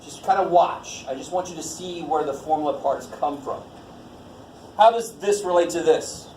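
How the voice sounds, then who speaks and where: A man's voice: a little high, normal speed, darkish tone. Casual, joking man lecturing in an echoey room. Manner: informal, jokey, swears casually, quizzes the class. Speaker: college math instructor. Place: classroom. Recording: echoey classroom with faint noise.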